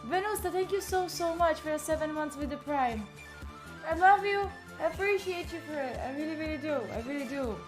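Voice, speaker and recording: Woman, fairly high voice, casual live-stream chatter, talks straight to chat, faint music behind. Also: fairly quick. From Italy. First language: Italian.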